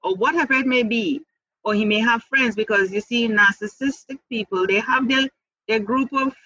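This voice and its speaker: A woman's voice: fairly high pitch, normal speed, sharp tone, husky, dry recording, lo-fi sound. A woman speaking candidly as an interview guest about her own life, earnest, restarting and repeating words, with light laughs. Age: adult mother. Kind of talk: candid personal testimony.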